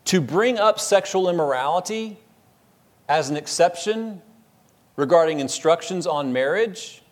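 Man preaching an emphatic, conversational sermon. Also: a little high. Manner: conversational, emphatic, with frequent restarts. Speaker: pastor. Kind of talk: expository sermon.

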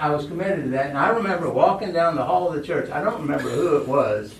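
A man's voice: a little high, expressive, quick pace, hardly any pauses. A male pastor preaching a sermon, telling stories and asking his congregation questions. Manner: storytelling, asks the congregation questions. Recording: echoey room, voice from far off.

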